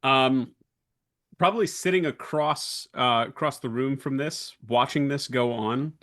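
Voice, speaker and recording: A man playing a tabletop role-playing game, describing his character's actions with many pauses and fillers. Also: mid-range voice, fairly bright tone. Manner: hesitant, filler-heavy describing. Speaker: player.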